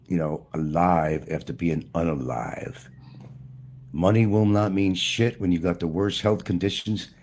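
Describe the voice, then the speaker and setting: Husky low-voiced man ranting. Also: darkish tone. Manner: blunt, profane, preachy ranting. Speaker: YouTuber. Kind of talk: ranting monologue to camera.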